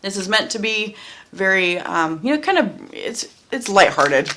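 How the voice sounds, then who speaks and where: A woman's voice: medium pitch, big pitch swings, a little slow, noisy background. A woman doing a casual tarot card reading, chatty and blunt, who often repeats her phrases and swears freely. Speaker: tarot reader.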